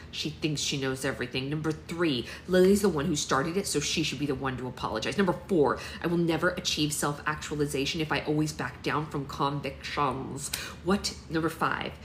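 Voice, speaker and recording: Book club lady reading aloud, animated, lowish voice, echoey room, faint hiss. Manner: lively, expressive first-person reading. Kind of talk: reading a novel aloud on a live stream.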